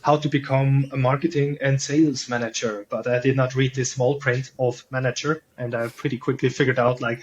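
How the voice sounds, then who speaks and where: A man chatting as a podcast guest in a relaxed, offhand way, often pausing to search for the right words. His voice is mid-pitched and sits in a slightly muffled recording. A faint hiss runs underneath. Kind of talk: casual interview chat.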